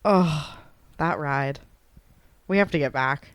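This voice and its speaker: A woman's voice: sits low, takes it slowly, no room sound. Upbeat woman telling stories on a podcast. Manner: enthusiastic storyteller, supportive and teasing. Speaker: podcast co-host. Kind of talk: casual podcast chat.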